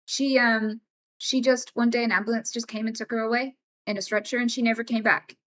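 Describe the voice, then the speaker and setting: This woman has a slightly high, brisk voice as she recounts a casual story to her chat during a home livestream. Her telling is emphatic and lively, full of swearing.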